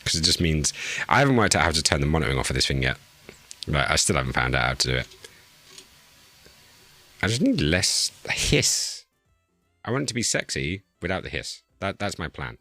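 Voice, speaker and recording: Chatty streamer man, deep voice. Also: big pitch swings, a little fast, pauses often, pushed and bright, soft background music. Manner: chatty, flustered while fixing audio settings. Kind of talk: casual live-stream chat. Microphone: new desk microphone.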